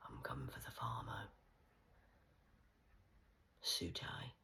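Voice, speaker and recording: A woman rambling through a stream-of-consciousness monologue, punning and swearing, swinging between hushed whispers and loud outbursts. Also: very deep voice, big pitch swings, takes it slowly, creaky, rough recording. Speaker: vlogger.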